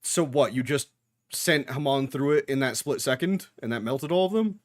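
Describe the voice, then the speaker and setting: Watching anime, a young man offers casual reaction commentary, answering the screen with jokes and profanity. His mid-range voice has lively intonation and a moderate pace, captured as clean studio sound without echo.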